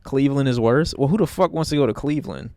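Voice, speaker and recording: A man's voice: mid-range voice, fast, darkish tone, no room sound. A male streamer talks at his desk mic with a blunt, profane, rambling edge, roasting whatever is on screen. His voice sits in a middle register, and the sound is dry and close, with no room around it. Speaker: streamer reacting to videos. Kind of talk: casual stream commentary.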